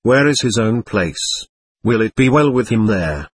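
A man reading the lines of a young woman, earnest and gently pleading. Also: fairly low pitch, lively intonation, unhurried, husky, dry recording.

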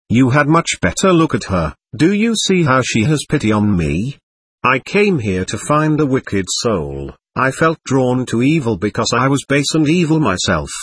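Man reading as a gentle, earnest young monk. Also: mid-range voice, breathy edge, no room sound, exaggerated voice. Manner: firm and earnest.

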